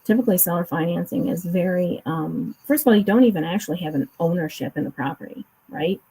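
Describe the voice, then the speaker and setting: A woman with a lower, husky voice talks casually over a remote call. Her tone is mellow and soft-edged. She explains finance at length, full of restarts and fillers. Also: quick pace, rough recording. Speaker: co-host discussing a court case.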